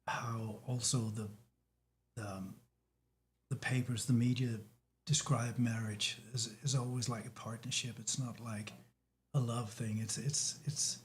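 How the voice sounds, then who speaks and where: A man from Denmark with a Danish accent, talking as a guest in a casual chat, halting with many restarts and fillers. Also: mid-range voice, level tone, slight background noise.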